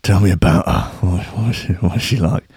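A man putting on a weary old priest who speaks low, hushed and breathy from behind the confessional screen. He sighs heavily and asks slow, prying questions. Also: dry recording, exaggerated voice.

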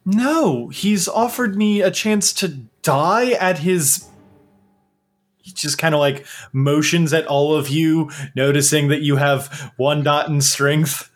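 A man narrating a tabletop role-playing game as game master, animated and halting, often restarting his sentences. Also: a little high, soft background music.

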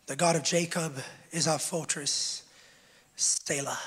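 A high-pitched male preacher delivering a church sermon, his voice ringing through a long hall reverb. He surges into shouted calls and then drops into quiet, measured teaching, joking with the congregation in between. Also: fairly even intonation, breathy edge. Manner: jokes with the congregation. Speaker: pastor.

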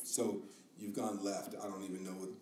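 Teasing dad hosting, low roomy voice. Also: male voice, flat delivery, normal speed, mellow, distant mic. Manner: teasing, jokey, mock-stern. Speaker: podcast host and father. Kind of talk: casual family podcast chat.

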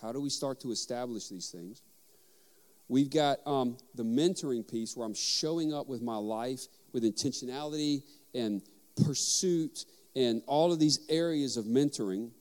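A man, a father of young children, giving a sermon on parenting with lively storytelling and acted-out dialogue. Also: medium pitch, moderate pace, big-room sound. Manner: animated storytelling, acting out dialogue. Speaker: pastor.

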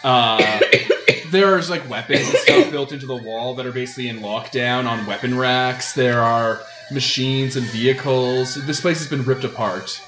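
Running a tabletop RPG, this game master describes scenes at a moderate pace in a medium-pitched voice, with plenty of filler words. Faint music plays in the roomy-sounding recording.

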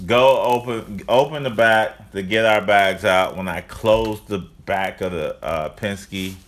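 A man casually telling a story with a partner, animated and acting out what people said. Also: lowish voice, slow. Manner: animated, acts out quotes loudly.

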